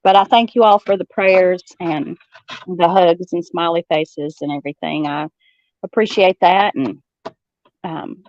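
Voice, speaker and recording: A woman's voice: on the low side, measured pace, darkish tone, no echo, highs cut off. A woman from the American South with a Southern accent, chatting as a guest and acting out the voices of the people in her stories. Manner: storytelling, acts out quoted voices, laughs often. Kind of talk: casual chat.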